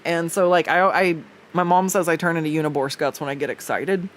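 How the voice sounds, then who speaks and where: A woman's voice: fairly low pitch, steady tone, brisk, a little hiss or hum. A woman art streamer chatting casually while she draws, rambling with lots of fillers, restarts and the odd swear, recorded on a desktop USB mic at home. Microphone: desktop USB condenser mic.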